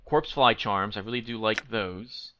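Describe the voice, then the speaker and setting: A man playing a role-playing game, reading its dialogue and narration aloud with quick asides. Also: lowish voice. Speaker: let's play host. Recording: slightly dull home mic with faint noise.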